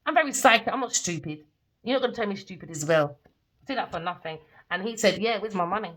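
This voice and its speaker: A woman giving a tarot reading as a profane, scornful rant, swinging between loud outbursts and low mutters. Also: animated, quick pace, poor audio. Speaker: tarot reader.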